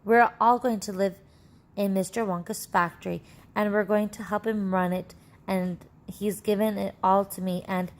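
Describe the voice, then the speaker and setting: A woman reading aloud a children's book, voicing an earnest young boy who talks in a tumbling, excited way. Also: mid-range voice, moderate pace, close to an everyday voice.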